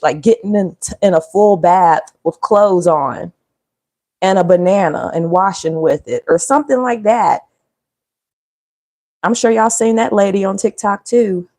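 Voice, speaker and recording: A woman's voice: medium pitch, animated, moderate pace, a little mellow. A woman chatting casually and joking with viewers during a cooking livestream. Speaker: livestream host.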